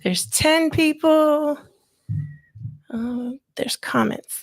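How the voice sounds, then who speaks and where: A woman hosts a casual livestream at an unhurried, easygoing pace. She greets viewers by name and chats loosely as the comments roll in. Her voice sits a bit high for a woman. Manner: chatty, greeting viewers by name, laughs often. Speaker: livestream host.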